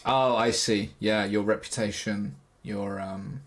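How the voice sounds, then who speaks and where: A man's voice: lowish voice, steady tone, slow pace. A man hosting a casual interview over a video call, easygoing, laughing along and asking follow-up questions. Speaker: podcast host. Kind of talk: casual chat.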